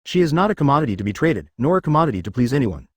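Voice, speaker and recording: A man's voice: mid-range voice, sing-song, racing, no echo, studio quality. A man narrating a fan story in a scripted, machine-read style.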